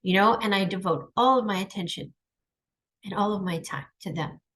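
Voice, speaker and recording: A woman's voice: medium pitch, normal speed, a bit bright. A middle-aged woman speaking in a heartfelt personal monologue, earnest and emphatic, reflecting on her own struggles. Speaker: channel host.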